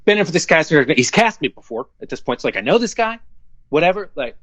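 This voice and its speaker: A man's voice: a little high, fast. A man, an actor, telling audition stories in a casual interview, acting out the voices of the people in them. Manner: animated, acts out quoted voices. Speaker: guest actor.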